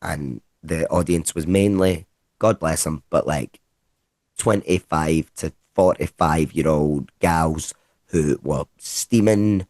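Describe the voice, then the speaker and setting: A Scottish comedian with a very low voice, talking about his career in loose, lively anecdotes. His speech is casual and peppered with swearing. The sound is close and dry, with no room echo. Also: slow pace. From Scotland. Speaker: comedian guest. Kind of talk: casual conversational storytelling.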